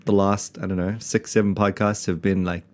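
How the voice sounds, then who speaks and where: A man's voice: deep voice, level tone, normal speed, darkish tone. A man from South Africa hosting a casual podcast, rambling and self-mocking with lots of fillers and restarts. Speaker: podcast host, pastor.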